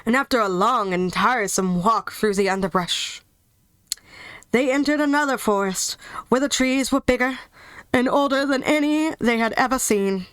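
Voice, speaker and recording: Woman storyteller, bubbly and chatty, raised voice, smooth, dry close mic. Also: a little high, moderate pace, fairly bright tone, no room sound, poor audio. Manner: chatty, bubbly asides between passages. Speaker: storyteller, channel host. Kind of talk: reading a children's novel aloud.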